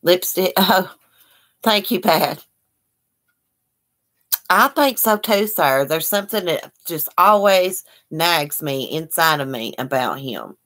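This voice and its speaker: A woman's voice: fairly low pitch, lively intonation, slow pace, pauses often, a bit bright. A woman hosting a casual livestream, reading viewer comments aloud and answering with sympathy in a chatty, folksy way. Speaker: livestream host.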